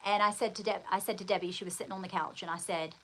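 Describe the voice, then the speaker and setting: A woman's voice: mid-range voice, steady tone, rapid-fire, fairly bright tone, rough recording. A woman host telling a long personal story in casual chat, rambling and speaking straight to her listener with endearments. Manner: chatty, rambling, addresses the listener directly with endearments.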